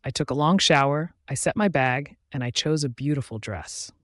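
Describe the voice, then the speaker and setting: A man reading a romance audiobook aloud in a steady, even first-person narration. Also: mid-range voice, normal speed, dry recording, studio quality.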